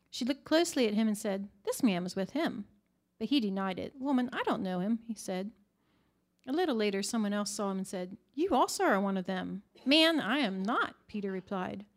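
A woman reading a scripture passage aloud to a congregation, slow and measured. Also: medium pitch. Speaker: scripture reader.

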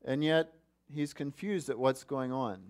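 A man's voice: mid-range voice, measured pace, darkish tone. A man preaching a sermon, earnest and asking his listeners questions. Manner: earnest, asks the congregation questions. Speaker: pastor.

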